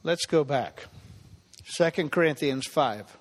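A man's voice: fairly high pitch, expressive, slow pace. A man preaching a sermon as pastor, repeating phrases for emphasis and building to impassioned peaks. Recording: long hall reverb.

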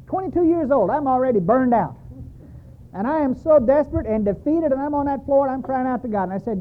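A man's voice: extremely high pitch, lively intonation, a little fast, a little hiss or hum. A man preaching a sermon, telling his own story with emphatic repetition. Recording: tinny, phone-like sound.

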